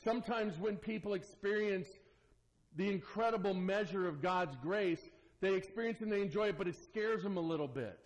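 A male pastor with a fairly high voice preaches to his church at normal speed, earnest and lively. He swings from ringing, emphatic lines to soft, hushed asides. The highs are cut off.

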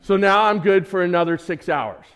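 A man in his sixties delivers a sermon as a story, lively and theatrical. His voice sits a little high for a man, and he acts out his own cries and the dialogue. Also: normal speed, clear, resonant tone. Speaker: preacher.

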